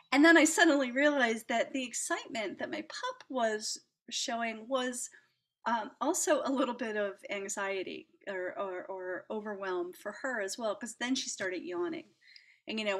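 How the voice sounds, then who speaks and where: A middle-aged woman hosting a reflective talk about the heart, chatty and gentle, laughing lightly and dropping to soft asides. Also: mid-range voice. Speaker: host.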